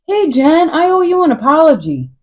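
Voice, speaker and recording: A woman's voice: high-pitched, big pitch swings, normal speed, voice pushed up. A woman imitating assorted people who send her pushy messages, in a mocking, overly sweet sing-song.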